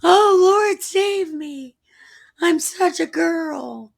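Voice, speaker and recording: A woman voicing a panicky, whiny male fisherman disciple who complains in a shrill, self-pitying way. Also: unhurried, a little mellow. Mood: panicked.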